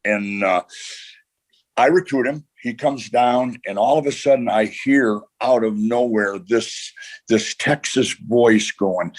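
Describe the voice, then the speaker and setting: An older man, a retired football coach, telling long anecdotes as a podcast guest, with frequent pauses and restarts. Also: mid-range voice. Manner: rambling anecdotes, many "uh" and restarts. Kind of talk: storytelling in a podcast interview.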